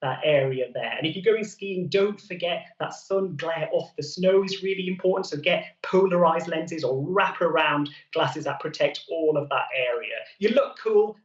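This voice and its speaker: Male TV doctor, brisk advice-giving delivery, somewhat high voice, heard from a distance in a roomy studio. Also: dull audio. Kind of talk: explaining health advice on a morning show.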